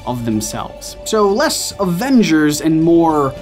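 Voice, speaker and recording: A male video-essay host delivers scripted commentary with a lively, swooping pitch. His manner is playful and self-mocking. Faint music plays beneath him. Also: slow pace.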